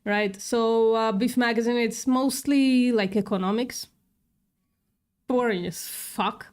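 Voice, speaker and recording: Slow-talking sarcastic woman livestreamer. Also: fairly high pitch, fairly even intonation, darkish tone, clean tone. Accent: non-native English. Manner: sarcastic, swears casually, laughs often. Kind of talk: casual livestream chat.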